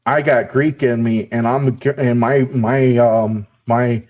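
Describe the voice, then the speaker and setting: A man's voice: mid-range voice, fairly even intonation, takes it slowly. Profane rambling man, dull lo-fi sound. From United States. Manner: profane, rambling, laughs often. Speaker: podcast host. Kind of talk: casual chat.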